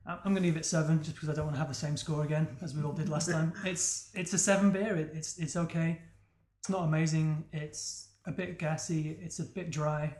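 Man, podcast host, rapid rambling chat, slightly high voice, roomy room. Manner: fast, rambling, jokey. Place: flat in Edinburgh. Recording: roomy flat.

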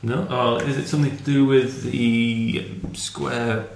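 A man chatting casually at a beer tasting, relaxed and reading tasting notes aloud. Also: mid-range voice, slow, vocal fry. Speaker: podcast guest. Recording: echoey room, faint noise.

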